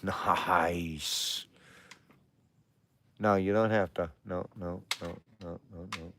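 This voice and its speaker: A man hosting a casual livestream from outdoors at home, chatting with viewers and cooing softly to his dogs. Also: low-pitched, fairly even intonation, extremely slow, a little hiss or hum. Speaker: livestream host. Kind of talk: casual live chat.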